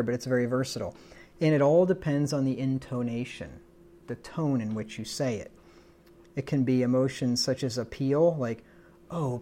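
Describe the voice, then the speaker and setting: A man's voice: medium pitch, a little mellow. A man preaching, explaining scripture verse by verse in an emphatic, teaching manner, often repeating words as he goes. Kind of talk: sermon, verse-by-verse Bible teaching.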